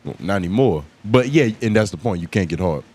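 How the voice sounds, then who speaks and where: A man with a fairly low voice trading loose podcast banter. He teases, cuts in and swears freely in easy slang. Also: lively intonation, brisk, a little mellow, husky. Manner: teasing, interrupting, profane slang. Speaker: podcast co-host.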